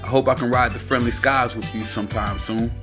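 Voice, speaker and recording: A man voicing a cocky, teasing, smooth-talking womanizer in an audiobook. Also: mid-range voice, fairly even intonation, brisk, over music, lightly acted. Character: smooth-talking womanizing male friend, adult, brash.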